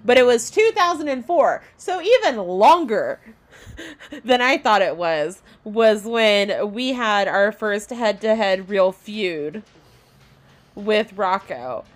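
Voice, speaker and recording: A woman co-hosting a podcast, telling a story in casual chat, giggling often and acting out lines in a squeaky voice. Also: animated, takes it slowly. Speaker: podcast co-host.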